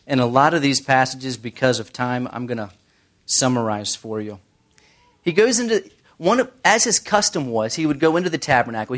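A man's voice: mid-range voice, a bit bright. A man teaching a Bible study in a conversational sermon style, making joking asides and quoting scripture.

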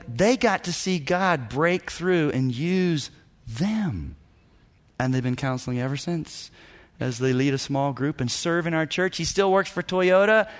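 Animated storytelling pastor, man. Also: high-pitched. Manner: animated storyteller, acts out dialogue, chuckles often. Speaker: senior pastor. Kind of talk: teaching talk to church leaders.

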